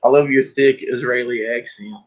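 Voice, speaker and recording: A man hosts a casual livestream, rambling and joking as he packs books. His voice sits at a middling pitch. The stream audio is dull and lo-fi. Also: steady tone, moderate pace. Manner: joking, rambling, breaks into laughter. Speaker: livestream host. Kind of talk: casual live-stream chat.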